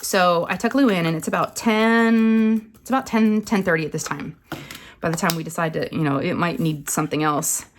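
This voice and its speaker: A woman, rambling and animated as she tells a story to camera. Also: fairly low pitch, moderate pace, a little hiss or hum. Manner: chatty, rambling, animated retelling with acted quotes. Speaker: craft channel host.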